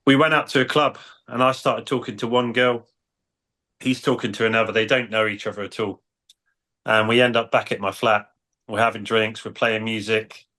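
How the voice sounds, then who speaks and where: A man's voice: on the low side, pushed and bright. A man with a British accent, a dating coach, telling cheeky stories in a matter-of-fact way. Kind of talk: casual storytelling on a panel.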